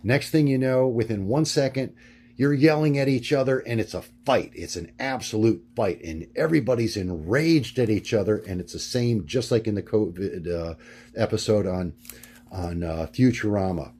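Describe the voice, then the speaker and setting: A man's voice: on the low side, darkish tone, breathy edge. Rambling man talking through notes. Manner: halting, many fillers and restarts; repetitive, searching for words. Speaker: vlogger.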